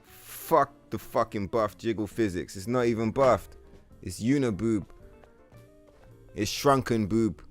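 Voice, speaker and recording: A man streaming a video game, chatting casually with his viewers in a profane, animated rant. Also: lowish voice, slow, pauses often, faint music behind. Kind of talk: casual live-stream chat.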